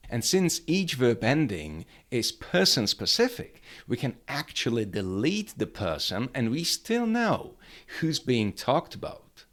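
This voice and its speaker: A man teaching a grammar lesson, explaining upbeat and clearly, step by step. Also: mid-range voice, very animated, measured pace. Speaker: language teacher.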